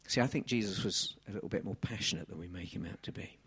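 A man in his thirties from England preaching a sermon on a handheld mic, animated and swinging from soft asides to loud exclamations. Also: deep voice, fast talker, few pauses, breathy edge.

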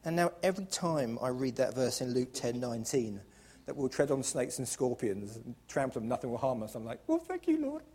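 A man preaching a lively sermon in church, joking playfully and moving between hushed asides and loud, emphatic calls to the congregation. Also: medium pitch, fairly quick, breathy edge. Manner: playful, jokey and expressive, swinging from hushed to loud.

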